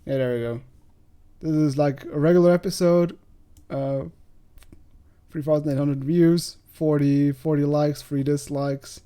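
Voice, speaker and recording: Casting: a laid-back man doing casual gameplay commentary, with a mellow, slightly throaty tone. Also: on the high side, steady tone, a little slow, clean tone. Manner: chatty, rambling, self-deprecating. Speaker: let's play host.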